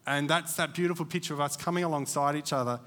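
Male preacher, bright and fairly high voice, chatty and rambling delivery, echoey church hall. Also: steady tone, fast talker. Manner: conversational, digressive, many fillers. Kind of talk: church sermon.

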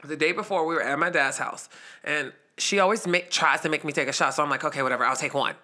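A woman in her twenties with a low voice talks fast as she tells a story in casual chat. She's animated, acting out the quoted lines as she goes and laughing while she tells it.

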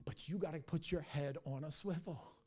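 Middle-aged male pastor, high voice, energetic, jokey sermon delivery. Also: normal speed, husky. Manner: energetic, joking and animated storytelling.

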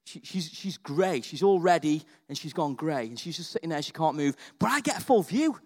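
A man preaching with a high, bright voice. He tells his story chattily, checking in with "right?" and "okay?". He swings from quiet confiding asides to excited, almost shouted peaks. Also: brisk, breathy edge. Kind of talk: sermon.

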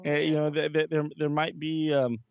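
A man's voice: fairly high pitch, little pitch movement, moderate pace, no room sound, dull audio. A man co-hosting a casual cigar and beer tasting chat, talking in long rambling runs full of fillers and restarts. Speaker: podcast co-host.

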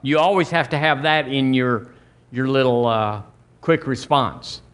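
A middle-aged man preaching a sermon as pastor, folksy and conversational with quick asides. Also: mid-range voice, fairly bright tone, clear, resonant tone.

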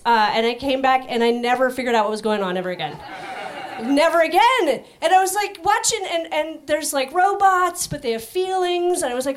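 A woman doing a stand-up set on stage, rambling and self-deprecating in a high-strung way. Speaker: stand-up comic. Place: comedy club stage. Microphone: stage microphone.

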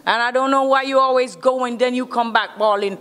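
A woman's voice: fairly high pitch, fairly even intonation, fairly quick, big-room sound. A woman with a Jamaican accent, talking brashly and sassily in casual chat as a guest, laughing often. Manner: loud, sassy, laughs often.

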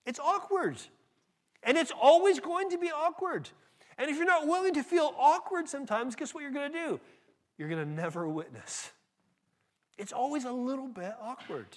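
A man with an American accent preaching a sermon in a lively, conversational way, often restarting sentences and acting out little exchanges. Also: very high-pitched, moderate pace. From California. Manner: animated, conversational preaching with restarts and acted asides. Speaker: pastor.

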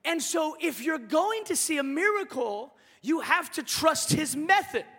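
A male pastor preaches a sermon in a lively, conversational, joking style, speaking a little slowly. His very high, bright voice rings through a hall with long reverb.

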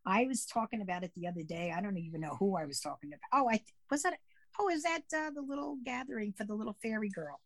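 A woman co-hosting a podcast in casual chat, explaining pagan holidays at a relaxed pace with many fillers. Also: medium pitch, fast, no room sound. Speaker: podcast co-host.

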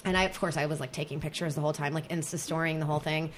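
A woman on a podcast telling a long, animated story in casual chat, rambling with fillers and restarts. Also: deep voice, rapid-fire, a little hiss or hum.

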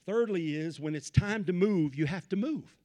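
A man preaching a Pentecostal sermon, swinging from low asides to shouted peaks and repeating phrases in a rhythmic build. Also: lively intonation, normal speed. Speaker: pastor.

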